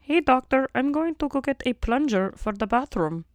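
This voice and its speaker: A woman doing a croaky froggy receptionist. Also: high voice, animated, normal speed, no echo, pitched above the performer's own voice. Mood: pleading. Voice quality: croaky, nasal. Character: dental receptionist who sounds like a frog puppet.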